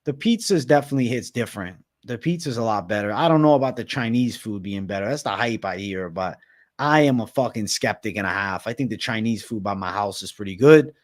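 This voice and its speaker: A man's voice: fairly low pitch, a little fast. A young man from Massachusetts hosting a livestream, chatting loosely and swearing constantly while reading viewer comments aloud. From Massachusetts, USA. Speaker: livestream host.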